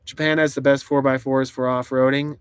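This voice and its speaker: A man's voice: medium pitch, level tone, fairly quick, clear, resonant tone, no room sound. A man rambling and laughing through a casual live stream from inside a truck camper, reading chat comments aloud. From United States.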